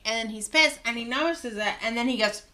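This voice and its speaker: Bright-voiced woman vlogger, indignant. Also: fairly high pitch, fairly quick. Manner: indignant, chatty, sarcastic asides. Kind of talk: opinionated commentary to camera.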